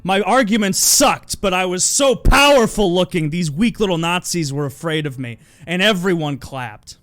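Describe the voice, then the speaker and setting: A man hosting a podcast, casually telling an absurd story in a deadpan way. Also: high voice, normal speed, soft background music. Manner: deadpan storytelling, breaks into laughs. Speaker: podcast host.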